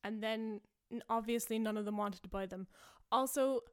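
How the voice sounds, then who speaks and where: A woman's voice: on the high side, moderate pace, lightly acted. A woman playing a heartbroken wife who turns on her husband with indignant, accusing lines. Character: heartbroken wife, failed sock puppet maker.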